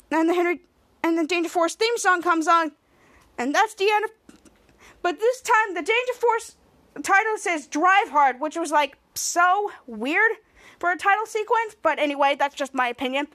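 A woman's voice: very high-pitched, expressive, normal speed, bright, forceful tone. A woman podcast host casually recapping a TV episode scene by scene, quoting the characters as she goes.

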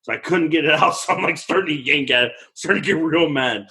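Laughing, husky-voiced young father. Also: a little high, fast, rough recording. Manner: animated, laughs often while telling stories. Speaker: podcast co-host, father. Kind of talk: casual chat, storytelling.

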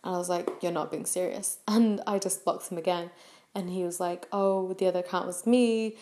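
A woman's voice: lowish voice, fairly even intonation, moderate pace, warm tone. A young woman hosting a podcast, telling a personal story in a chatty way with many fillers and restarts. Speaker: podcast host. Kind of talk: casual storytelling.

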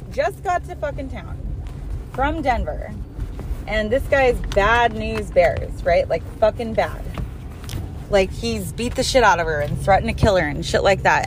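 A woman telling a long story in casual chat from her car on the way to work, swearing often and getting worked up. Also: rough recording. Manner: profane, animated and exasperated. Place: in a car while driving. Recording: faint vehicle rumble. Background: road and engine rumble.

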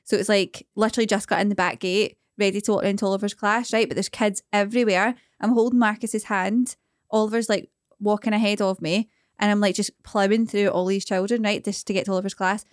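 A woman's voice: medium pitch, steady tone, fairly quick, dry recording. Chatty Scottish woman, dry close mic. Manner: chatty anecdotal storytelling. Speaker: podcast co-host. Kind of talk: casual chat.

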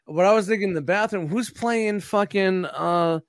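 A man's voice: high voice, moderate pace, no room sound. A man in casual podcast chat, rambling and swearing freely as he riffs with friends. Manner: rambling, profane, animated.

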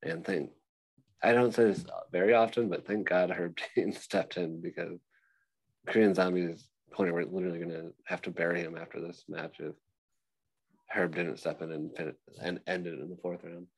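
A man's voice: deep voice, fairly even intonation, fairly quick, gravelly, rough recording. A man co-hosting a casual podcast, joking and laughing often as he mocks wrestlers. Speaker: podcast co-host.

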